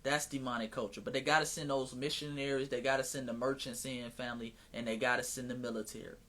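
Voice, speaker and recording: A man hosts a live stream at a fast pace and medium pitch, speaking casually and animatedly with a preacher-like cadence. Now and then he slips into mocking voices.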